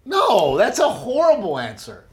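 Animated man telling a comic story. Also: high voice, a little slow, a little hiss or hum. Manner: animated storyteller who acts out quoted voices, swears, laughs often. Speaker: comedian, co-host. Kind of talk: casual storytelling chat.

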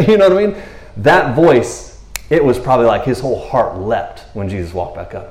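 A man gives a relaxed, chatty sermon, retelling scripture in his own words and laughing as he goes. His voice sits at an ordinary pitch. The room around him is echoey. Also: normal speed. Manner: conversational, animated, laughs often, keeps saying "you know what I mean". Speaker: preacher. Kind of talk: casual sermon.

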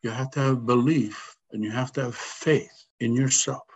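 A man telling a personal story as a podcast guest, animated and acting out the voices of the people in it. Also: medium pitch, moderate pace. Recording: slightly dull sound, faint background noise.

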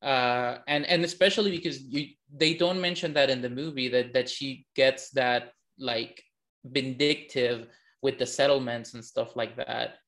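A man's voice: medium pitch, steady tone, measured pace, a bit bright. A young man co-hosting a casual film review chat, rambling with frequent restarts. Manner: rambling, many restarts, laughs often. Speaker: film review podcast co-host.

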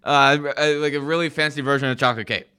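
A young man co-hosting a casual podcast who answers haltingly and goes along easily. His voice is bright and clear, with a smooth, crisp tone. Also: mid-range voice, steady tone. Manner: hesitant, easygoing, laughs along. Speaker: podcast co-host. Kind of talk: casual chat.

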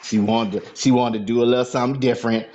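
A man's voice: medium pitch, fast, highs cut off, noisy background. A man co-hosting a podcast, joking in slangy casual banter. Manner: animated joking, slangy, breaks into laughter. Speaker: podcast co-host. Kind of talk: crude comedic banter.

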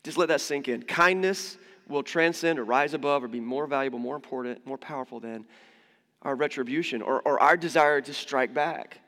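A man preaching a sermon in a relaxed, conversational way, mixing humor and asides into his teaching, recorded in a church sanctuary. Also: mid-range voice, moderate pace, long reverb tail. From United States. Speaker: pastor.

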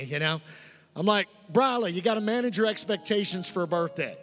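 A middle-aged male pastor preaching a lively, humorous sermon and calling out to the congregation for amens. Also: high voice, brisk, soft background music. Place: church sanctuary. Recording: long reverb in a large hall.

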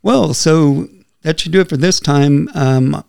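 A man's voice: on the high side, unhurried, creaky, noisy background. A man hosting a casual podcast, friendly and chatty as he leads the questions. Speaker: podcast host.

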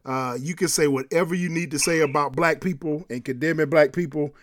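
High-voiced, animated man talking sports. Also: brisk, slight background noise. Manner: animated, laughs often, repeats himself when making a point. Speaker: podcast co-host. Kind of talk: casual sports and culture chat.

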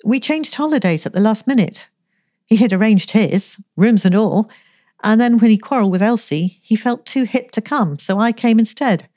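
A woman reading the part of an earnest young man courting a girl in a storybook, gently and sincerely. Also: fairly high pitch, expressive, normal speed, dry recording, clean studio sound, pitched above the performer's own voice, natural voice.

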